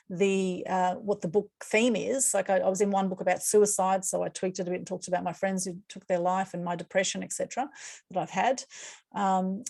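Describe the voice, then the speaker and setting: An upbeat woman hosts an online meetup over a video call. She talks in a chatty, loose way, with frequent fillers and quick restarts. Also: mid-range voice, gravelly. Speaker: meetup host. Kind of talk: casual group video call.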